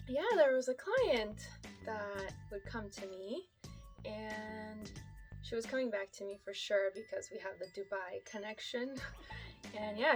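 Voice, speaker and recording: A woman from Canada telling stories in a casual, chatty vlog, laughing often and swearing casually. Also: mid-range voice. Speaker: vlogger.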